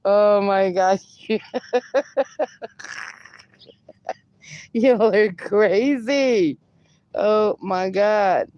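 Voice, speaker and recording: A woman's voice: mid-range voice, very slow, darkish tone, no echo, muffled recording. A woman livestreaming, reading viewer comments aloud and bantering with them, laughing often. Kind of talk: casual live-stream chat.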